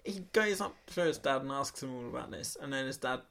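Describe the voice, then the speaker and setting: A man's voice: mid-range voice, expressive, fast, gravelly, a bit bright. A man on a film podcast, casually recapping the plot. He laughs often and keeps his telling loose. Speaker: podcast co-host.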